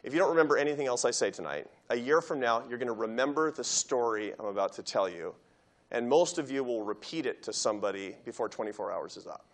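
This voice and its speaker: A man giving a public university lecture, telling a story with lively animation and acting out quoted voices. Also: mid-range voice, quick pace. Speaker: guest lecturer.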